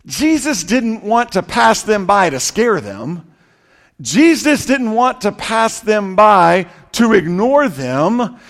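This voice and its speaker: High-voiced emphatic male preacher, echoing hall. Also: creaky. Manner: emphatic, repetitive preaching with sudden loud bursts and slow drawn-out phrases. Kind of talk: sermon. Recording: long reverb of a large hall.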